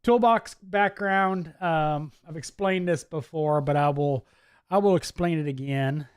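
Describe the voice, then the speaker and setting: A man's voice: a little high, unhurried, clear, resonant tone, no room sound, studio quality. A man with a mixed Midwest and Southern US accent hosts a casual live chat, reading viewer comments in a chatty, laid-back way and laughing often. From US Midwest, Wisconsin. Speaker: livestream host. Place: home office.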